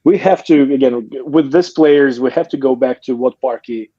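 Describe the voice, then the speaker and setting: A man joining a live podcast as a guest, chatting casually in a relaxed, halting way. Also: medium pitch, husky, dry recording, highs cut off. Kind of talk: casual chat.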